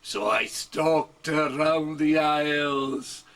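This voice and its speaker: A man's voice: a little high, very slow, a bit bright, far from the mic. An older man reciting his own comic poetry at home, delivering it wryly, with chuckles and asides. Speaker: amateur poet.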